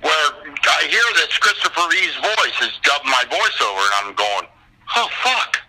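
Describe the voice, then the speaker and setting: Older man guest, husky and sharp-toned, swearing storyteller whose pitch jumps all over. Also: normal speed, poor audio. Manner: profane, animated storyteller. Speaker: guest actor. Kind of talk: casual chat on a call.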